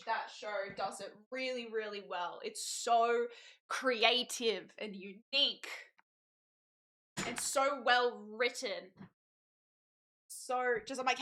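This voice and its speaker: A woman's voice: fairly high pitch, fairly bright tone. A young adult woman streaming, chatting casually in a slangy way and laughing easily. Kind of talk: casual chat.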